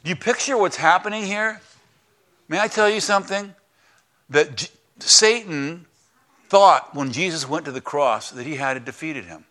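Retelling a story in his sermon, a pastor uses lively, simple words at a moderate pace. His fairly high voice jumps from loud exclamations down to quiet emphasis.

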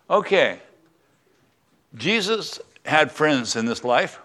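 A man's voice: medium pitch, moderate pace, a bit bright. An older man from the United States, a semi-retired pastor, giving a conversational Bible lesson and asking the congregation questions. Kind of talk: sermon.

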